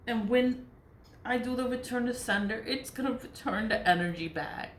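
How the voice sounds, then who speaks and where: A woman's voice: a little high, moderate pace. A woman talking casually to camera. She rambles and repeats herself, swears, and keeps breaking into giggling laughter. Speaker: self-styled witch vlogger. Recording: echoey room with faint background noise.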